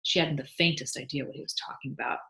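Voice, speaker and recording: A woman librarian reading a short story aloud for students in a calm, measured way. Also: rumbling low, vocal fry. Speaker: school librarian. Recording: echoey room.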